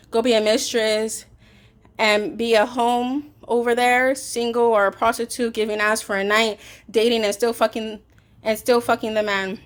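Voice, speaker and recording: A woman's voice: on the high side, flat delivery, normal speed. A woman telling a storytime vlog in a heated, swearing way, acting out both sides of an argument. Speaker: vlogger; caregiver.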